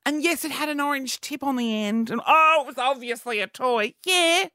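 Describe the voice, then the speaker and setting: A woman's voice: high voice, normal speed, pushed and bright, no echo, clean studio sound. A young woman hosting a casual solo podcast, rambling and chatty, circling back on herself and restarting her sentences. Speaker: podcast host.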